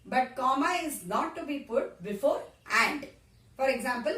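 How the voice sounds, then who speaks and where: Woman teacher, fairly high voice, classroom grammar lesson, keeps checking "got it?", recorded from a distance in an echoey room. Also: animated, measured pace, a bit bright. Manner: repetitive, checks understanding with frequent "Got it?".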